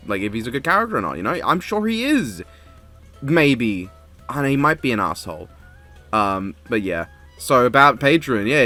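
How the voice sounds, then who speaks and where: A man's voice: on the low side, pushed and bright. A young man rambling casually into a desk microphone as a video reviewer, self-deprecating and swearing. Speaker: video reviewer reading fan comments. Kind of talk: casual chat.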